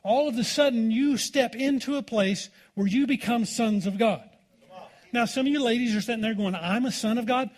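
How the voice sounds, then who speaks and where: A man's voice: extremely high pitch, moderate pace, darkish tone. A man pastor preaching a sermon in a church, in a folksy, informal way and calling out for "amen" from the congregation.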